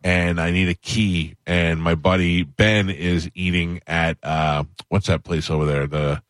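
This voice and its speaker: A man's voice: deep voice, fairly even intonation, measured pace, a bit bright, no room sound. A man hosting a radio show from the studio, chatting loosely and joking. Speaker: radio host. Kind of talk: casual radio talk.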